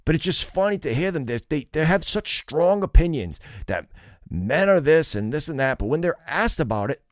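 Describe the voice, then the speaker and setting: A man's voice: fairly high pitch, very animated, moderate pace, no room sound. Opinionated male commentator, lecturing and scornful, very dry booth sound. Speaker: commentator reacting to street interviews.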